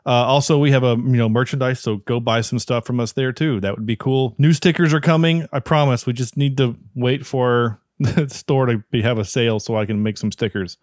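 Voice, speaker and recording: A man's voice: medium pitch, fairly even intonation, brisk, hardly any pauses, a little mellow, no room sound, clean studio sound. A man hosting a podcast in casual chat, enthusiastic and rambling, with many restarts. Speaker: podcast host.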